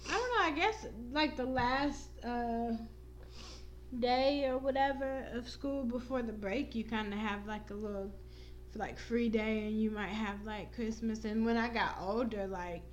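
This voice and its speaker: A woman's voice: on the high side, measured pace, muffled recording, slight background noise. A young woman co-hosting a casual podcast, talking in a laid-back way with lots of fillers. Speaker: podcast co-host.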